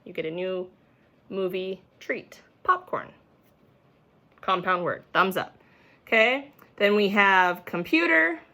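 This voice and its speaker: A woman's voice: medium pitch, unhurried, sharp tone. A young woman teaching a remote phonics lesson to young children, patiently sounding out words, recorded on a camera mic at home.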